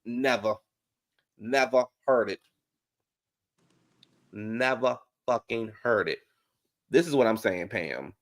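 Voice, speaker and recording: A man rants bluntly and drives each point home by repeating it. His pitch is middle and his tone conversational. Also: expressive, takes it slowly, long pauses. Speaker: podcast co-host. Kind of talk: casual commentary chat.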